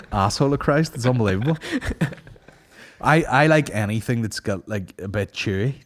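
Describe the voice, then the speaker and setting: Sweary podcast host. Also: male voice, mid-range voice, normal speed. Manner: sweary, animated banter. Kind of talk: casual chat.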